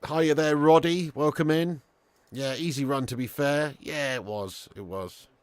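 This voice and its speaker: A man from the area hosts a live football watch-along and chats straight to his viewers. His voice sits a touch high for a man. He is sweary and full of banter, recorded close and dry. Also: unhurried, clean tone, no room sound. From Birmingham area, England. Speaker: live stream host.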